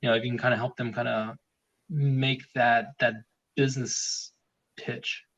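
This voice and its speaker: A man's voice: medium pitch, little pitch movement, measured pace, fairly bright tone, a little hiss or hum. A man talking as a podcast guest in a rambling, casual way, with many fillers and restarts. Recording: dull lo-fi sound.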